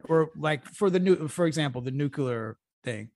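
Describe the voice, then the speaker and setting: A man co-hosting a podcast at an average pitch, talking loosely and swearing as he goes. His thoughts stop and restart midway. The sound is dry and close, with no room echo. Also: expressive, normal speed, darkish tone. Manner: profane, rambling, with restarts. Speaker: podcast co-host. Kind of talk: casual chat.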